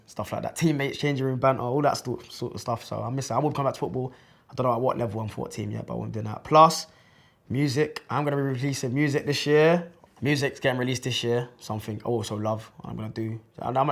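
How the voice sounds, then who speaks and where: Young man, rapid casual storytelling, husky gravelly tone. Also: mid-range voice. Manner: chatty, loose, peppered with slang fillers. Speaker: former footballer telling his story.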